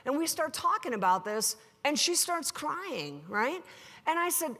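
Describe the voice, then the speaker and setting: A woman's voice: sits high, big pitch swings, normal speed, fairly bright tone. A woman giving a live keynote talk to an audience, telling stories animatedly and acting out the dialogue. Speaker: keynote speaker. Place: large hall before an audience. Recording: long hall reverb.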